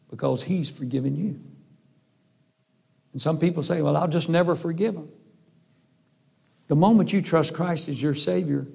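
A man's voice: fairly high pitch, gravelly, dark tone, breathy edge. A man preaching a sermon and telling stories in an earnest, folksy way. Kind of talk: sermon with storytelling. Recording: long hall reverb.

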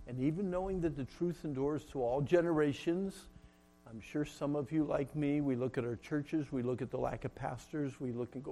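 A middle-aged man preaching a sermon, telling a personal story with shifts between loud, laughing moments and hushed, solemn ones. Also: on the high side, moderate pace, a little hiss or hum.

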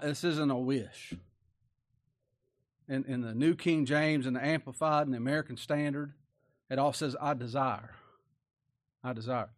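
A male preacher giving a sermon in a folksy, plain-spoken way, driving his points home with repeated rhetorical questions. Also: fairly high pitch.

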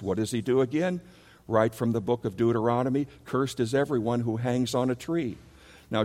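A man's voice: medium pitch, a little mellow. A male pastor preaching a sermon, asking the congregation questions and building to emphatic peaks. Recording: long hall reverb.

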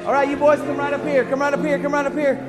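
A man leading a children's church song game, coaxing the kids and singing and shouting cues. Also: very high voice, completely flat delivery, fast talker, music in the background, a crowd in the background.

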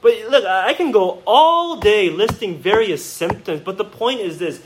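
A man preaching a sermon from the pulpit of a church, his voice pitched a little high and his intonation rising and falling in wide swings. He speaks straight to the congregation with rhetorical questions. He moves between quiet, reflective moments and impassioned, emphatic bursts. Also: animated, moderate pace, background noise. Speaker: pastor. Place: church sanctuary.

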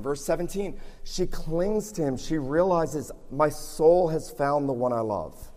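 A man's voice: mid-range voice, expressive, normal speed, few pauses, dark tone. Preaching man in a reverberant hall. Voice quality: scratchy voice. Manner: earnest, building to emphatic peaks. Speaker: pastor. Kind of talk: sermon. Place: church sanctuary.

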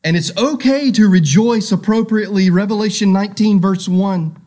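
A pastor with a high voice and lively intonation preaches a sermon at a measured pace. He reads scripture aloud and puts direct questions to his listeners, swinging between loud emphasis and hushed tones.

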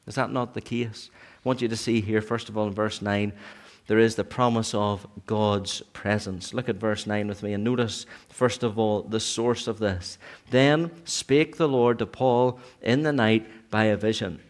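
A man preaching a sermon in church, earnest, sometimes rising to emphatic peaks and then dropping low. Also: normal speed.

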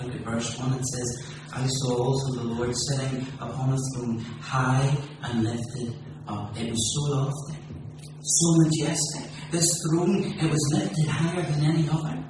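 A man preaching a sermon with passion, swinging from loud exclamation to low, slow emphasis. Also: fairly even intonation. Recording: echoey room from far off with noise.

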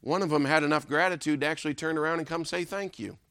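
Male preacher, high gravelly voice, dry close sound, emphatic rhetorical sermon delivery with a repeated refrain. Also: quick pace, a bit bright, dry recording.

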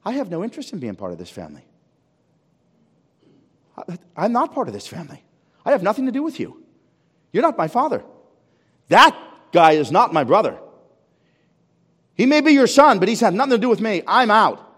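A resentful elder son, young and defiant, spitting out his refusal in a raised, rapid voice, as a preacher puts him on. The tone sits fairly high and rings through a long church reverb. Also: big pitch swings, slightly rough, full character voice. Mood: bitter defiance. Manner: indignant outburst, rising loud and fast.

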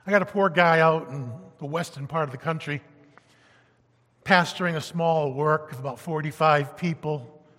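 A high, bright-voiced male pastor preaching with animated emphasis, swinging from loud to hushed. The sermon rings with the long reverb of a church hall. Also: normal speed.

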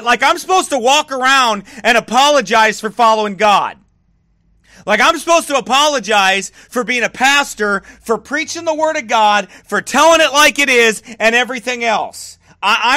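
A middle-aged man, a pastor, ranting in fiery preaching style with shouted bursts and mocking asides. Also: high voice, dry recording, clean studio sound. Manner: fired-up, shouting bursts, mocking soft baby talk.

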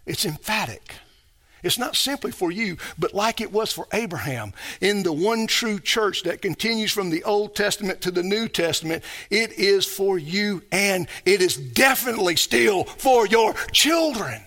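A man's voice: high-pitched, normal speed, bright, forceful tone. A man preaching a sermon as pastor, emphatic and full of rhetorical questions put to his congregation.

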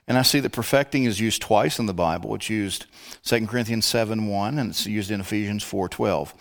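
A man's voice: fairly low pitch, brisk, vocal fry. A man teaching a Bible lesson as a pastor, talking his way step by step through a word study with muttered asides.

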